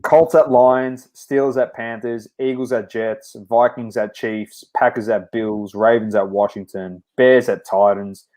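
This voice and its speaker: A man co-hosting a casual sports podcast, reading out football scores and matchups in a steady, brisk run. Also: medium pitch. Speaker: podcast co-host.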